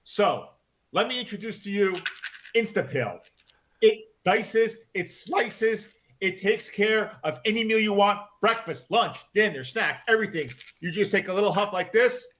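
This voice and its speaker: Brief: man plays a high-voiced, salesy infomercial hype guy on a video call. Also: lively intonation, measured pace, slight background noise. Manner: salesy, loud pitch, coughing. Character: hyped male infomercial pitchman.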